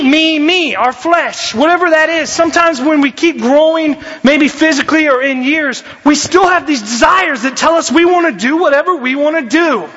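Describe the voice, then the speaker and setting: Young man, youth pastor, very high voice, jokey lively sermon, dull lo-fi sound. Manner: animated, jokey, shifts voices often. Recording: dull lo-fi recording.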